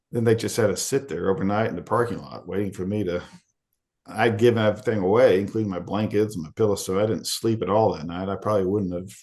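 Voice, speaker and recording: A man's voice: fairly low pitch, a little mellow. A middle-aged man from Arkansas, a podcast guest telling a candid story and acting out the quoted voices in it. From Arkansas, USA.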